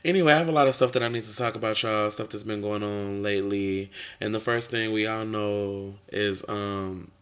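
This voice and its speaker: A young man talking casually to camera as a vlogger, sassy and chatty, with drawn-out fillers. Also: fairly low pitch, steady tone, a bit bright.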